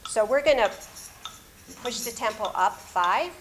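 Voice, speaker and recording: A woman's voice: a little high, lively intonation, a little slow, background noise. A woman in her fifties, a music therapist, giving an upbeat live demonstration talk and coaching a volunteer in front of an audience. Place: presentation room with audience.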